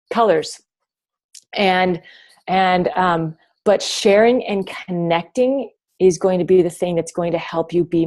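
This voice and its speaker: A woman's voice: lowish voice, darkish tone. A woman coaching her team over a video call from home, chatty and rambling with many restarts. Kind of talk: motivational team talk.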